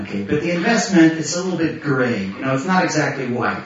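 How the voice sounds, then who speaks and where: A man teaching a Torah class, animated, telling stories and bursting into shouts. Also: fairly high pitch, fast talker, few pauses, distant mic, slight background noise. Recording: muffled echoey hall from afar.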